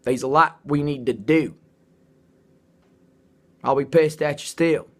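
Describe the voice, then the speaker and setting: A man's voice: fairly high pitch, takes it slowly, a bit bright. Blunt, profane man rambling to camera. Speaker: self-described artist and writer.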